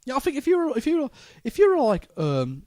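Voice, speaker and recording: A man's voice: very high voice, huge pitch swings, moderate pace, a little mellow, dry recording. A man with a London accent, a comedian hosting a casual podcast chat, rambling with stammering restarts. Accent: London English. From England.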